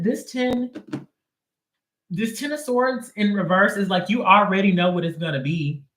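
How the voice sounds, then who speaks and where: A man's voice: sits high, a bit bright, roomy sound. A man giving a casual live tarot reading in a sassy, slangy, emphatic way. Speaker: tarot reader.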